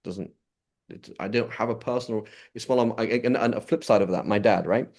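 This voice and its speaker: A man's voice: fairly low pitch, fairly quick, a little mellow. A man giving an informal religious lesson, conversational, often checking in with his listeners by asking "right?" and "you know?". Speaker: Islamic teacher.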